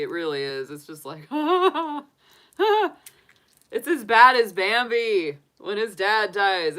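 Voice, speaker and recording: Woman, tarot reader, low-pitched, bright voice, chatty, laughs a lot. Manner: chatty, laughs often, animated asides. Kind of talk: live tarot reading.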